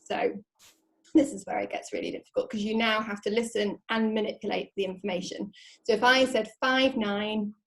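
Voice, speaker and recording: A woman's voice: medium pitch, fairly even intonation, poor audio. Female presenter, friendly webinar delivery, light laughter throughout. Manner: friendly, laughs often, reads digits slowly. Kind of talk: webinar talk.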